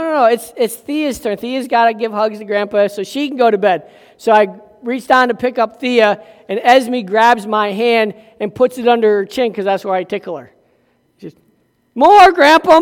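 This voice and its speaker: Older male pastor, high-pitched, emphatic slow preacher in a reverberant hall. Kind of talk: sermon.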